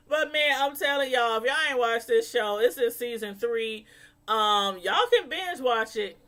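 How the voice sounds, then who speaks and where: Chatty bright-voiced woman vlogger. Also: fairly high pitch, expressive, slow pace. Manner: chatty, laughs a lot, mimics people in quotes. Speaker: vlogger reviewing a reality show. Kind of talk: casual chat to viewers.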